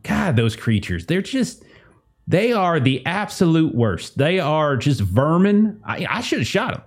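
Shrill, pinched and swooping all over, these dopey backwoods farmers grumble about goats and threaten with a cudgel, as a man does their voices. The voice climbs far above a normal speaking voice. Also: big pitch swings, measured pace. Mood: scornful. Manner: squeaky and drawling, rising into yelps. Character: dim-witted rural male farmers, hostile and crude.

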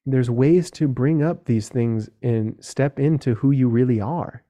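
A man's voice: medium pitch, a little slow, warm tone. A young man hosting a solo podcast, talking earnestly and directly to other men, casual and with some swearing. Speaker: podcast host.

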